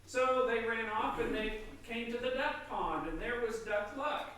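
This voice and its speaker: A man preaching a sermon in a church, retelling a children's story in a relaxed, loose way with fillers and self-corrections. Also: extremely high pitch, unhurried, a little hiss or hum. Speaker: priest. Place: church sanctuary. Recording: echoey church from far off.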